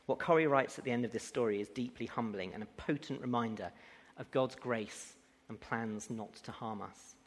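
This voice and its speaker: A man's voice: mid-range voice, moderate pace, husky. A man preaching a sermon who builds to emphatic, rising declarations. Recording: long hall reverb.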